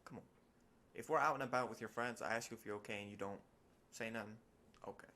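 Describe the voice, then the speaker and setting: A man's voice: fairly low pitch, quick pace, bright, forceful tone, a little hiss or hum. A young man co-hosting a podcast in casual chat, telling stories with animation and acting out quotes with big jumps in his voice. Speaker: podcast co-host.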